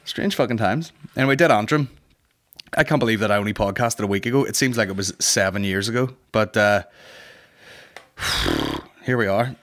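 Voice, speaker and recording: A man's voice: fairly low pitch, normal speed, long pauses, fairly bright tone. A man in his thirties hosting a comedy podcast, rambling and swearing in a boisterous casual monologue. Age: 30s. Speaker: podcast host.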